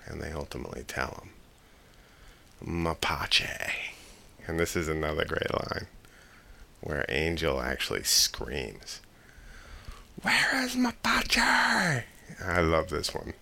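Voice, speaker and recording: A man hosting a casual show, talking excitedly about a film, laughing and quoting lines loudly. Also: rumbling low, a little slow, creaky. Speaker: podcast host.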